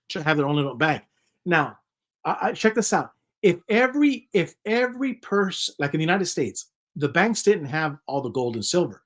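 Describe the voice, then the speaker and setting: A man's voice: a little high, fairly bright tone. A man hosting his own channel, giving advice in a casual monologue, full of rhetorical questions and repeated phrases. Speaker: channel host.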